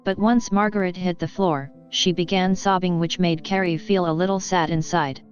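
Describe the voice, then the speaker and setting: A woman reading a fan story aloud as narrator in a plain, steady manner. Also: on the low side, normal speed. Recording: dull lo-fi with faint music.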